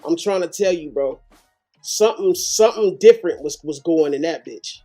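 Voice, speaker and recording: Slangy high-voiced reaction host. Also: male voice, moderate pace, faint music behind. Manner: animated, heavy slang and profanity. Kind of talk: live reaction commentary.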